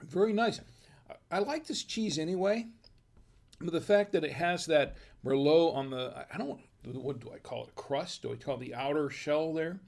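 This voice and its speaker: Gravelly-voiced man chatting through a tasting. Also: moderate pace. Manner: relaxed, chatty, thinks aloud with restarts and low asides. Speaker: host of a wine tasting show. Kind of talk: casual wine and cheese tasting chat.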